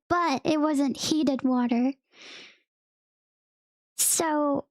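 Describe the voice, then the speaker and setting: A woman's voice: high voice, takes it slowly, pauses often, dry recording, clean studio sound. A young woman streamer chatting casually to her viewers, rambling through a story and laughing often between sentences.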